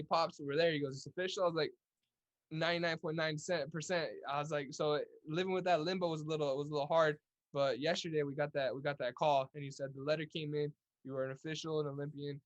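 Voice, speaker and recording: Young man, quick delivery, slightly high pitch, upbeat, casual interview guest, frequent restarts. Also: highs cut off. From Central Valley, California. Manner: fast, upbeat, many restarts. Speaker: guest, Olympic boxer.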